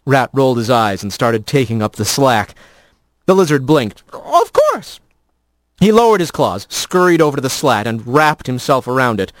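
A radio host narrating a serialized fiction story in a measured, expressive reading. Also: mid-range voice, dry recording.

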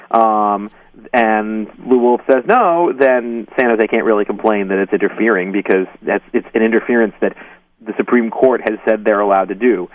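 A man being interviewed, speaking haltingly with many ums and you-knows and hedging as he explains. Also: lowish voice, dry recording. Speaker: guest journalist. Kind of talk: phone-in interview. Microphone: phone. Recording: tinny distant phone line.

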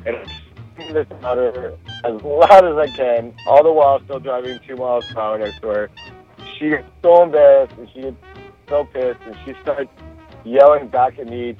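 A man in his thirties telling a personal story casually, with relaxed fillers, restarts and laughs. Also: medium pitch, moderate pace, highs cut off, soft background music. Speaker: storyteller guest.

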